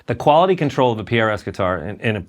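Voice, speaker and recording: A man interviews a guitar maker at a quick clip. He sounds eager and talks plainly, leaning into blunt, casual phrasing. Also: on the low side, big pitch swings.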